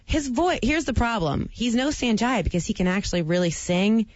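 A woman's voice: on the high side, expressive, moderate pace, no room sound. A woman co-hosting a talk show, reading news items in casual, wry chat. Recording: dull dry lo-fi broadcast sound.

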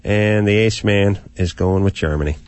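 A man's voice: on the low side, noisy background. A man hosting a talk show, bantering in a wry, sarcastic way. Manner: wry, sarcastic, quick quips. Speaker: radio show host.

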